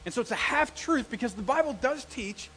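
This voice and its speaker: A middle-aged male pastor preaching a sermon, telling stories and acting out the quotes with lively energy. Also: very high-pitched, brisk, a little hiss or hum, low-quality recording. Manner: animated storytelling with acted-out quotes.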